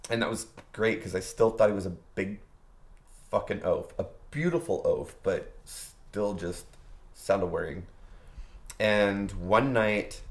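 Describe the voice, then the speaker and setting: A man with a fairly low voice tells a candid personal story in an interview. He talks loosely and chattily, breaks into laughter often, and swears freely.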